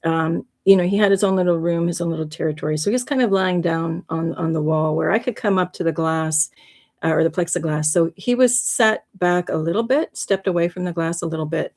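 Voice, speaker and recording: A woman's voice: lowish voice, brisk, darkish tone. A woman hosting a livestream, telling a heartfelt spiritual story in an earnest, rambling way. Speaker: livestream host.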